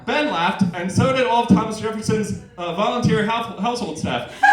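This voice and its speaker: A man's voice: high voice, fast. Rambling man doing open mic comedy. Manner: rambling, full of asides and fillers. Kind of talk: reading comic fan fiction aloud. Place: bar open mic night. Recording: echoey and distant with noise.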